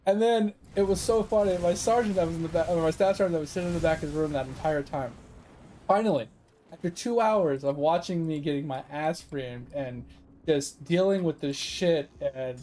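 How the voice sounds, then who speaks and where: Guy streaming a game and telling a story, swears a lot, kinda high voice, mellow tone. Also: brisk, a little hiss or hum, low-quality recording. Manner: profane, animated storyteller who acts out quoted voices. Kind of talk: casual storytelling while gaming.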